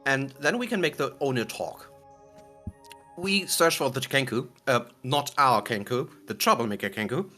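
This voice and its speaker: A man's voice: mid-range voice, lively intonation, moderate pace, pushed and bright, soft background music. A man recapping the last tabletop session in a giggly, rambling way, often correcting himself. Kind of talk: casual recap of a tabletop game.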